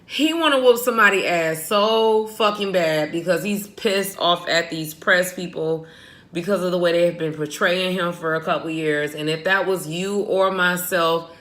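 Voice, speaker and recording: A woman's voice: on the low side, fairly bright tone, reverberant. A woman talking casually and profanely as she reacts to news clips, often breaking into laughter. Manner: profane, laughing, sings a chant. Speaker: vlogger commenting on news clips. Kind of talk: casual commentary.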